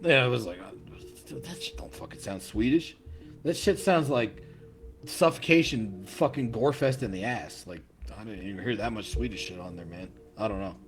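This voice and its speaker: A man co-hosting a podcast in casual chat, excitable and profane, laughing often and tripping over his words. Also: lowish voice, fairly quick, faint music behind. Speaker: podcast co-host.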